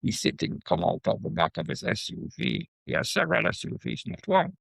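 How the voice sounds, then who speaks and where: An older man from Jamaica talks with a gravelly, husky voice that sits a touch high. He tells stories in an animated way, tossing in quick asides to his listener. The sound is close and dry, with no room around it. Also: no room sound. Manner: animated storyteller with repeated asides like "right?". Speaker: guest professor. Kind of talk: conversational interview.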